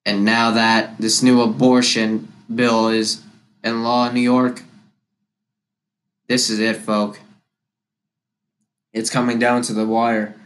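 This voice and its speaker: A man's voice: medium pitch, level tone, slow pace, long pauses, fairly bright tone. A man hosting a podcast, giving a political monologue in an impassioned, repetitive and combative way. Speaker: podcast host.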